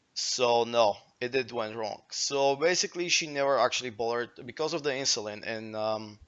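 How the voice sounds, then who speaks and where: Late-teens male streamer, Bulgarian accent, native Bulgarian; loose, filler-heavy, profane storytelling; mid-pitched; muffled low-fi recording. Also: fairly bright tone, clear, resonant tone. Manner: rambling, filler-heavy, swears freely. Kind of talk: casual storytelling to stream chat.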